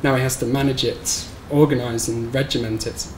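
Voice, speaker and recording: A man reading his own short story aloud at a live bookshop event, in a measured, somber storytelling manner. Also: mid-range voice, level tone, a little mellow. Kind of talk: live reading of literary fiction. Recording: roomy live recording with faint background noise.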